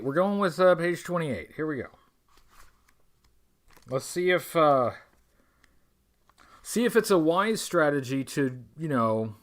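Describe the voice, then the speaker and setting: Wry man reading aloud on a livestream. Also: on the high side. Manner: wry, rambling, self-interrupting. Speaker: livestream host. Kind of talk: reading a gamebook aloud with joking asides.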